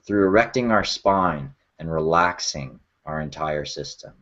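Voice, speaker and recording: Deep-voiced male workshop leader, soft and sighing, guiding an emotional check-in; dull lo-fi recording. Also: measured pace. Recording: dull lo-fi sound.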